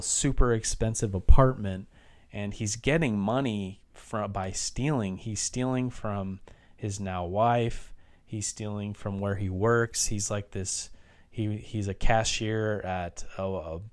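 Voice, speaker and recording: Male film reviewer, low smooth voice, loose rambling plot recap. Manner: rambling plot recap with frequent restarts and fillers. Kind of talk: casual spoken movie review.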